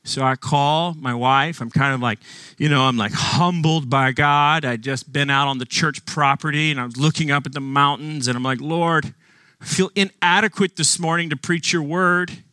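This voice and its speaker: A male pastor delivers a sermon close to a dry microphone, with no room echo. He tells stories casually and with humor, slowing his pace to stress key lines, and his tone stays bright and forceful. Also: fairly high pitch, clear, resonant tone. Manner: conversational, storytelling with humor, slows for emphasis.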